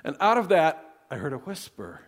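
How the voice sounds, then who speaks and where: Man preaching a sermon, slightly high voice. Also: wildly swooping pitch, moderate pace. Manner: earnest storytelling, dropping to soft hushed tones. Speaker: pastor.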